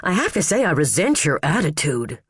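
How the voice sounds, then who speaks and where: A man's voice: fairly high pitch, big pitch swings, normal speed, a bit bright, slightly rough, no echo, studio quality, full character voice. Man doing a whiny, pouting male attorney. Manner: pouting, complaining.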